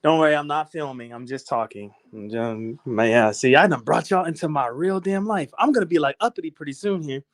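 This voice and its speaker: A man's voice: on the high side, a little fast, hardly any pauses, no echo. A middle-aged man casually chatting on a phone live stream while walking around his house, loose and profane, laughing often.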